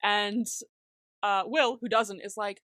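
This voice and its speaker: A woman's voice: medium pitch, fairly even intonation, slow pace, fairly bright tone, no room sound. A woman co-hosting a podcast, recapping an episode in casual chat, laughing often and acting out the characters' lines with plenty of swearing. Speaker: podcast co-host.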